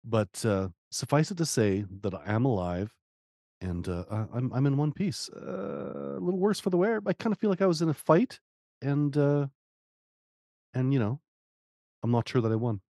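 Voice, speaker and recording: A man's voice: mid-range voice, expressive, moderate pace, mellow, no echo, clean studio sound. A man co-hosting a podcast in casual chat, joking and hesitant with many fillers. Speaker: podcast co-host.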